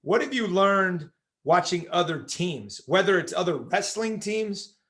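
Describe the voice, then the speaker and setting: A man's voice: high-pitched, expressive, measured pace, a bit bright. A middle-aged man, himself a coach, hosting an interview podcast and asking thoughtful, reflective questions.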